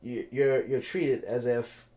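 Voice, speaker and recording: A man, telling his own story in a casual interview, animated and repeating himself for emphasis. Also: medium pitch, slow pace. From Baltimore, United States. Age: 30s.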